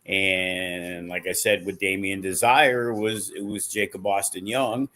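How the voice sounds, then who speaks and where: A man with a fairly low voice talks loosely and at length. He is blunt and profane, and he keeps circling back with fillers as he explains how he books his wrestling shows. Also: fairly even intonation, measured pace, pushed and bright. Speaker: wrestling promoter. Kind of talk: casual podcast chat.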